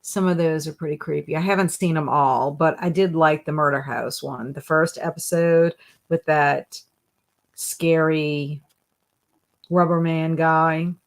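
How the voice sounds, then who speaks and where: A woman's voice: deep voice, fairly even intonation, measured pace. Woman, young adult, casual live-stream host, playful, chatty, reads comments aloud. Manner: laughs often, playful. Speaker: livestream host.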